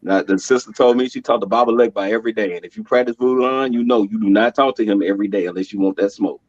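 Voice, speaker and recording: Male guest, mid-pitched, animated storyteller; muffled, dry recording. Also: quick pace, no room sound. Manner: animated, laughing storyteller who acts out quotes. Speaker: podcast guest. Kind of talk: casual conversation. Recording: dull, dry lo-fi sound.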